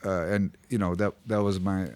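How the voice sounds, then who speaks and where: Here a male singer-songwriter visiting a radio studio performs a ballad on his guitar, then chats through the story behind it with plenty of filler words. His low, clear, resonant voice has a darkish tone, level delivery and normal speed, recorded dry through a studio mic.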